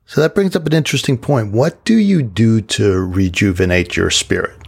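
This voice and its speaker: A man's voice: fairly low pitch, normal speed, creaky, husky. A man hosting a podcast interview, giving short encouraging replies and asking questions. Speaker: podcast host.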